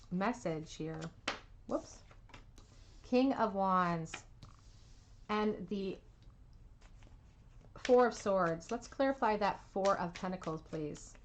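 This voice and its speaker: Gentle woman giving a tarot reading. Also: medium pitch, slow pace, long pauses, a little hiss or hum. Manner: gentle, soothing, reassuring talk with soft laughs. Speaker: tarot reader. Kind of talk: pick-a-card tarot reading.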